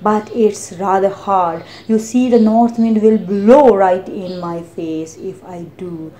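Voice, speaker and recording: A woman's voice: medium pitch, slow, warm tone, lightly acted. A woman voicing a small boy who pleads and insists, a bit rudely, in a roomy-sounding recording. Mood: worried. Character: small boy, earnest and touchy. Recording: roomy echo.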